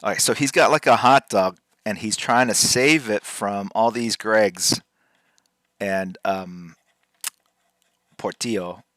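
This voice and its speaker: A man's voice: fairly low pitch, slow, pauses often, fairly bright tone, no echo, studio quality. A man hosting a live drawing stream, chatting casually and playfully with his chat while he works, teasing them and repeating words to practice saying them.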